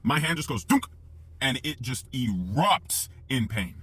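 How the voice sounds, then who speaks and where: Husky young man, mid pitch, swearing through a lively storytime monologue. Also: measured pace. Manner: profane, animated retelling that acts out the sounds of the story.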